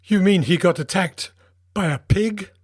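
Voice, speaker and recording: A blunt, impatient man, as a woman reading the book puts him on. The voice is husky and pitched down a touch, clipped and incredulous. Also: big pitch swings, unhurried, full character voice. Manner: curt, incredulous. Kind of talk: audiobook character reading.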